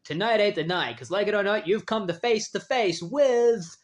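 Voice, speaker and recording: A man's voice: high-pitched, lively intonation, moderate pace, pitched above the performer's own voice. A man voicing a naive, clumsy male superhero who talks with brash bluster. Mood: heroic bluster.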